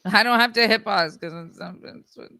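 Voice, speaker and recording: A woman co-hosting a podcast who teases her friend and reacts with quick interjections. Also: mid-range voice, bright, forceful tone, no room sound, studio quality. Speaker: podcast co-host. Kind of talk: casual chat.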